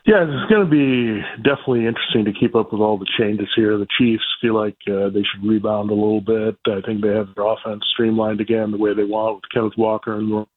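A man appearing as a guest football analyst on a radio show, calmly laying out his views. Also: fairly low pitch, slightly rough. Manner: measured, analytical. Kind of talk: remote radio interview. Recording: tinny phone line.

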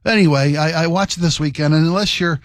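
A man co-hosting a talk radio show in casual chat, an animated, emotional storyteller who likes to joke. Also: a little high, brisk, dry recording, studio quality. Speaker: radio co-host.

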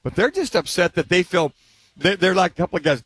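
Male sports talk co-host, higher-leaning, casual storyteller, dry close studio sound. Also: expressive, fairly quick, a bit bright, husky, no room sound. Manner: rambling, anecdotal, frequent restarts.

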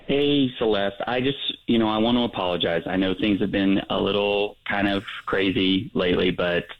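A man's voice: fairly low pitch, steady tone, moderate pace. A man calling into a radio show, answering defensively about his family. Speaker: caller. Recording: muffled phone line.

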